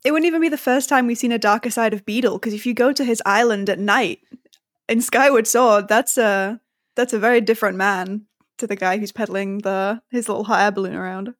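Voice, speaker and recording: A woman's voice: mid-range voice, fairly even intonation, a little fast, no echo, studio quality. A woman co-hosting a casual podcast chat, amused and laughing along. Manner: giggly, amused. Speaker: podcast co-host.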